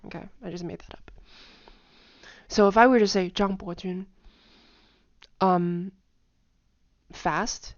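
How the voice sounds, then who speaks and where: A woman casually explaining tone patterns in a lesson, talking in a chatty way with lots of fillers and humming or singing syllables to show pitch. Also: steady tone, takes it slowly, pauses often, no room sound, highs cut off. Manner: chatty, many fillers, hums and sings tone patterns. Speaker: language teacher.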